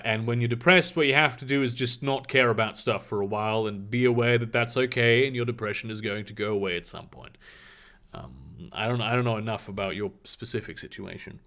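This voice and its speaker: A man casually chatting on a livestream, reading out and answering viewer comments in a halting, rambling way with many fillers and some swearing. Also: fairly low pitch, bright, forceful tone. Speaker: live streamer answering chat.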